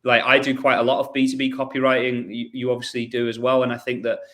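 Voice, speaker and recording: A man's voice: medium pitch, little pitch movement, quick pace, a bit bright. A man hosting a podcast in a casual, chatty way, often restarting and repeating words. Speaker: podcast host.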